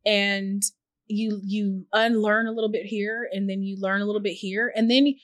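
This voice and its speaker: A woman's voice: medium pitch, flat delivery, normal speed, no echo, clean studio sound. Earnest, reflective woman podcast guest. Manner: earnest, warm-hearted storyteller who acts out little quoted messages. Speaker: podcast guest, journalist and founder. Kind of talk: reflective conversational interview.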